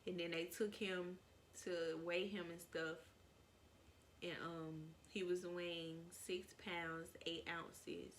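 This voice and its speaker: A woman's voice: on the low side, pushed and bright, slight background noise. A young woman vlogger telling a casual, rambling story, with many "like"s.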